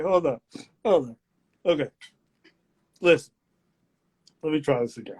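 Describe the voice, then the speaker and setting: Comedian hosting a live stream, high voice, fast joking patter. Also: male voice, a little mellow, husky. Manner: quick, joking, playful game-show patter. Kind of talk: casual live-stream chat. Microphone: phone on a live stream.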